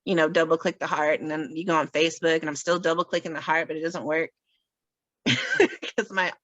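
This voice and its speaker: A woman's voice: deep voice, little pitch movement, fairly quick, fairly bright tone, no echo, dull audio. A woman in casual podcast chat, talking in a chatty, self-mocking way and laughing often. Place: podcast recording.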